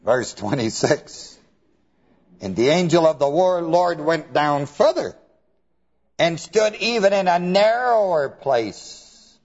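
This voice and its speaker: A man preaching a folksy Bible lesson, retelling scripture in colloquial words with frequent chuckles. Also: on the high side. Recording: dull lo-fi recording.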